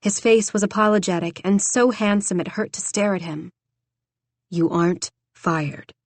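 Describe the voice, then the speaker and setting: A woman reading an audiobook in a steady, even storytelling manner. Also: mid-range voice, brisk, no echo. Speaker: audiobook narrator. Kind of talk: scripted audiobook narration.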